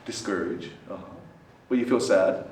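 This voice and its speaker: At normal speed, a priest gives a talk to students in a student center's meeting hall, repeatedly asking them questions and tacking on "right?" He animates his points with sweeping shifts in pitch and loudness. The recording is distant and echoey, with slight background noise.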